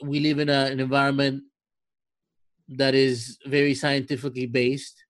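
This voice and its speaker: A man's voice: medium pitch, flat delivery, normal speed, no echo. A man in a casual faith conversation, reflective and hesitant, often restarting his sentences.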